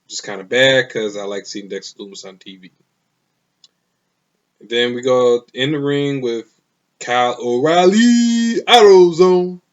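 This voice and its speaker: A man's voice: mid-range voice, steady tone, moderate pace, long pauses, a bit bright, highs cut off. A man casually reviewing a wrestling show, rambling and opinionated, with many fillers.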